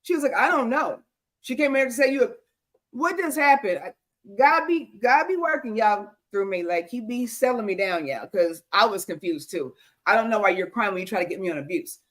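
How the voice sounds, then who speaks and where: Animated woman telling care stories. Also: medium pitch, fairly quick. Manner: animated, exclaiming, with many fillers. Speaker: co-host of a senior care talk show. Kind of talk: casual storytelling chat.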